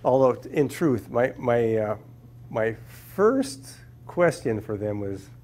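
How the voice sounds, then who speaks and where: A man's voice: medium pitch, animated, takes it slowly, darkish tone, slight background noise. A man from Minnesota speaking to a class as a guest scientist, telling humorous stories and often repeating words as he finds them. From Minnesota, USA. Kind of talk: anecdotal talk to a class. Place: lecture room with a live audience.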